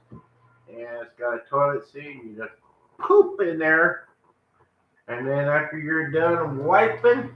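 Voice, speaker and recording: A man's voice: on the high side, dull audio. A man, rambling casually on a live home vlog, chatting with his dogs between remarks. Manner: folksy Southern drawl, talks to his dogs in baby talk. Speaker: vlogger. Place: home kitchen and porch. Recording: echoey room with faint background noise.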